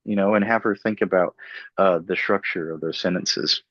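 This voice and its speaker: A young man giving a class presentation as a student, hesitant with many filler pauses. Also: deep voice, a bit bright, no room sound. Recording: dull lo-fi dry recording.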